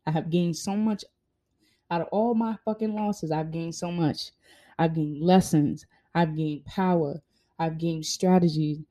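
A woman's voice: medium pitch, mellow. Blunt, swearing young woman preaching. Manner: blunt, profane and preachy, with emphatic rhetorical questions. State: hiccuping. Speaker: vlogger. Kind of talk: motivational monologue.

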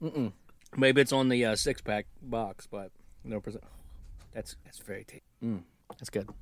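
A man's voice: medium pitch, moderate pace, dry recording. Brief: playful male co-host, casual banter, lots of laughs, dry close sound. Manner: joking, laughs often, playful wordplay. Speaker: podcast co-host. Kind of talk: casual chat.

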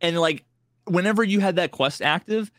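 A man co-hosting a gaming podcast, talking in a relaxed, rambling way and often restarting his sentences. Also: sits high, normal speed, dry recording, clean studio sound. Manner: relaxed, rambling, trails off mid-thought. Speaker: podcast co-host. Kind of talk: casual gaming chat.

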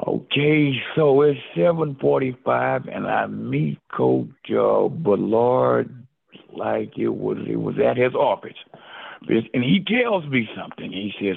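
A man's voice: lowish voice, expressive, takes it slowly, gravelly, breathy edge. An older man, a former football player, telling his story as an interview guest in an emotional way, repeating his words and exclaiming often. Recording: phone-line call audio.

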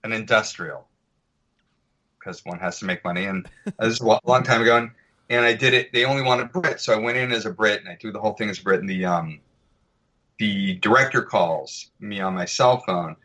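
A man's voice: lowish voice, fairly quick, bright, forceful tone. An American man, an actor guest on a podcast, chatting casually and telling anecdotes, acting out voices and accents as he goes. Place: podcast recording.

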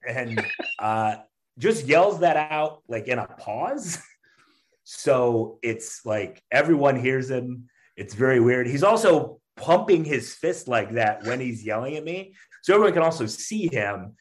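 Animated man telling a story. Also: mid-range voice, unhurried. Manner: animated storyteller, acts out quotes, laughs often. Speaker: stand-up comedian guest. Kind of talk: casual storytelling chat.

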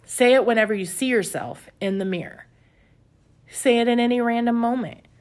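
A woman's voice: on the high side, normal speed. A woman hosting a self-help podcast, speaking candidly and confessionally from home. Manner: candid, confessional, with soft laughs. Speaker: podcast host. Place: home with pets nearby.

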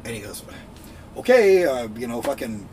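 A man's voice: medium pitch, sing-song, normal speed, a little mellow, a little hiss or hum, low-quality recording. A man co-hosting a casual podcast chat, a profane, rambling storyteller who acts out what people said. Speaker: podcast co-host.

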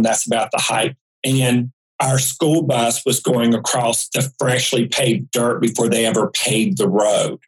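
A man's voice: mid-range voice, rough recording. A man from rural North Carolina, a guest on an interview podcast who tells vivid, folksy stories in a casual way. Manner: folksy, vivid anecdotal storyteller. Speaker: guest psychic. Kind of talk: casual storytelling.

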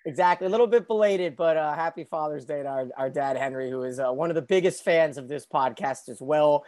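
A man's voice: a little high, fairly quick, a little mellow. A man hosting a podcast in casual chat, talking loosely and often correcting himself. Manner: chatty, loose, self-correcting. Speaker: podcast host.

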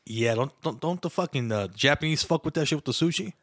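A man's voice: a little high, lively intonation, quick pace, fairly bright tone, dry recording, clean studio sound. A young man co-hosting a podcast in a slangy, profane way, calling his partner "bro" constantly. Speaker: podcast co-host. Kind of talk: casual podcast banter.

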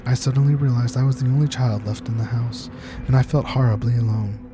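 A man reading a scripted horror story aloud in a measured, tense storytelling manner. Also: mid-range voice, fairly even intonation. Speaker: narrator. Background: music.

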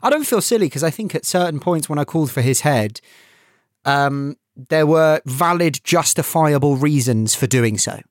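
A man co-hosting a casual football podcast, halting and searching for words as he talks. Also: a little high, lively intonation, dry recording, studio quality. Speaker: podcast co-host.

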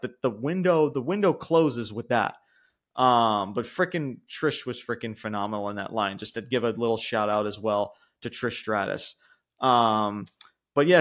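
A man hosting a casual wrestling podcast, talking in long rambling runs full of swearing. He laughs as he goes, and his pitch shoots up when he gets worked up. The delivery is loose and chatty. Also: a bit bright. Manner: rambling, profane, laughs often, mimics voices high-pitched. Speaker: podcast co-host.

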